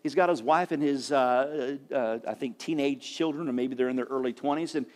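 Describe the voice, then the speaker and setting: A middle-aged man telling a casual, animated story to listeners, quoting what others said as he goes. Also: mid-range voice, a little fast. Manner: animated, builds excitement, quotes others. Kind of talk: casual anecdote to an audience.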